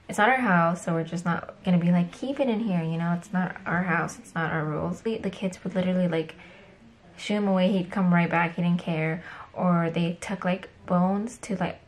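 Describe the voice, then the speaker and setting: Upset young woman vlogger, low voice. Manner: upset, tearful retelling with many fillers. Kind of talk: casual storytelling to camera.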